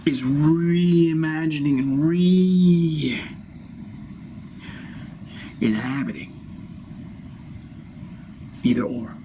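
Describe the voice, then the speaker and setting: A man playing a pompous ascended guru, slow-spoken. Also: mid-range voice, lightly acted. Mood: lofty. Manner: pompous, lofty, drifting into whispers. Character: grandiose self-proclaimed ascended male spiritual master. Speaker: improv performer. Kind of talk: solo theatrical improvisation. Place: inside a vehicle. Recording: noisy recording inside a vehicle.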